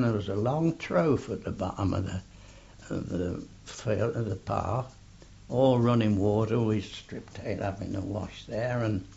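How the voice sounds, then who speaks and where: An older man slowly telling an oral history story, full of fillers and a gravelly voice. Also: medium pitch, darkish tone. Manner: slow rambling storytelling with many fillers. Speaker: interviewee. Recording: dull lo-fi tape recording.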